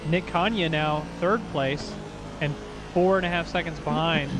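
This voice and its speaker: A man's voice: a little high, steady tone, moderate pace, background noise. A man giving live commentary on a sim race, teasing his co-host between calls.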